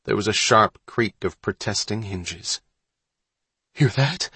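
A man narrating a story in a measured, suspenseful reading. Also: on the low side, fairly even intonation, bright, forceful tone, husky, dry recording. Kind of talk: audiobook narration.

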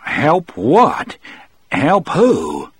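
A man's voice: on the high side, huge pitch swings, very slow, a bit bright, husky, no room sound, voice pushed up, exaggerated voice. A frightened older warden with a reedy but strong voice, suspicious and on edge, as a male narrator voices him. His voice climbs well above the narrator's own and sounds a little strained. It is a storybook figure, cornered and wary. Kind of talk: audiobook character voice.

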